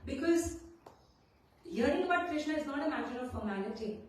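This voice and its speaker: In a very echoey temple hall, with the mic at a distance, a woman from India teaches a devotional scripture class. Her high, darkish voice is lively in intonation and a little fast, and she tells stories while often checking in with "right?"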